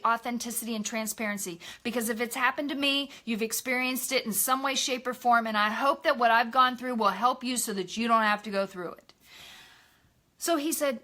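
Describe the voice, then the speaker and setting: A middle-aged woman speaks on a live online broadcast with a high, bright voice. She shares personal stories in a candid, confiding way and stops to greet viewers by name. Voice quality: bright, expressive voice. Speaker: ministry host. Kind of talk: Facebook live talk.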